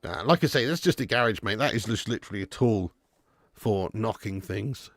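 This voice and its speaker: A man's voice: on the low side, normal speed, no room sound. A man hosting a live football watch-along from his garage, chatting casually with viewers, swearing freely and reading out the chat between bits of match commentary. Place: home garage used as storage room.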